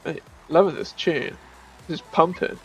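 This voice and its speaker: A man giving casual gameplay commentary as a streamer, chatty and self-mocking, with bursts of excited shouting. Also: fairly high pitch, normal speed, slightly rough, faint music behind.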